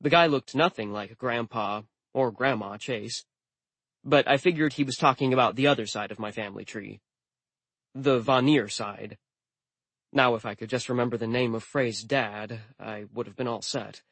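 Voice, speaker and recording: A man's voice: medium pitch, moderate pace, a bit bright, no echo. A man narrating a story in the first person with a dry, wry manner. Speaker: audiobook narrator.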